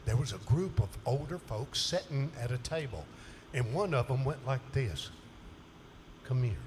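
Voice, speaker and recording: A man, telling chuckling, animated stories from a concert stage between songs. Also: mid-range voice, moderate pace. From southern United States. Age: 70s. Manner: folksy, chuckling, animated storyteller. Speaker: country singer on stage. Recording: live concert room noise.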